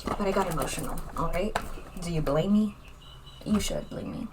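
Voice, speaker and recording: A woman's voice: on the low side, brisk, background noise. A young woman chatting casually in a makeup vlog, rambling and candid, with lots of fillers as she talks. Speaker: vlogger.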